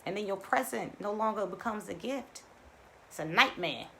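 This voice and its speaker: A woman's voice: mid-range voice, expressive, normal speed, creaky, a bit bright, slight background noise. Emphatic woman speaking as a spiritual coach. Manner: emphatic and repetitive, addressing viewers directly. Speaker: spiritual coach hosting a live stream. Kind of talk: live-streamed spiritual talk to viewers.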